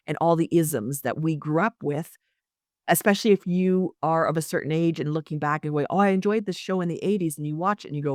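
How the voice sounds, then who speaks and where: Low-voiced emphatic woman podcast co-host. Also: dry recording, studio quality. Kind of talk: casual chat.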